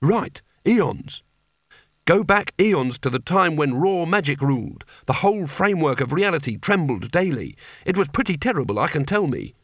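A man's voice: fairly high pitch, expressive, normal speed, few pauses, no room sound, clean studio sound. A man voicing a scolding inner conscience that speaks in a matter-of-fact way. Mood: stern. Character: stern inner conscience voice, male.

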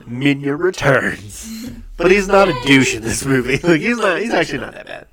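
A man's voice: a little high, sing-song, fast, crowd noise. A man co-hosting a casual movie podcast, telling stories animatedly and laughing often. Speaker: podcast co-host.

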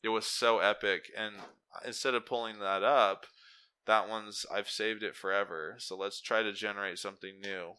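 A man's voice: on the low side, fairly even intonation, normal speed, sharp tone, clean tone. A man hosting a casual solo podcast, rambling and interrupting himself as he muses aloud and reads text off his screen. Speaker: podcast host.

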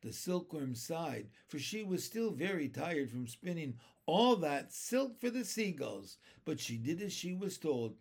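A man's voice: on the high side, very animated, unhurried, hardly any pauses, breathy edge. A man reading a children's novel aloud, lifting his voice for the characters' cries. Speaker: reader.

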